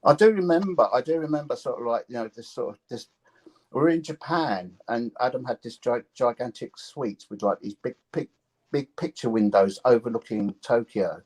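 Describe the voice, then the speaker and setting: A man, telling stories in a casual interview. He stops and restarts often and slips in dry, sarcastic jokes. His voice sits at an ordinary middle pitch. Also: normal speed, a little mellow, low-quality recording. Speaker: guest musician.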